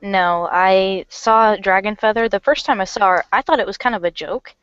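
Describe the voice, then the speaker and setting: A woman's voice: medium pitch, normal speed, fairly bright tone, smooth, dry recording. Blunt young woman, dry lo-fi sound. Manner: blunt, scornful. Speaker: guest. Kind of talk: casual group chat. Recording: dry, dull lo-fi audio.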